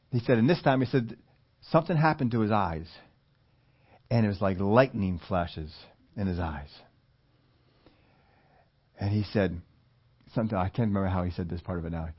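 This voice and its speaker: A man preaching a sermon in a conversational storytelling way, laughing between points and rising into loud emphatic quotes. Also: medium pitch, lo-fi sound. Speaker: pastor.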